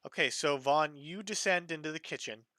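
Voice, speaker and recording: A man narrating a tabletop game as its game master, his voice bright and forceful. He tells the scene in a relaxed, halting way, full of small fillers. The sound is dry and close. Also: fairly high pitch, no room sound.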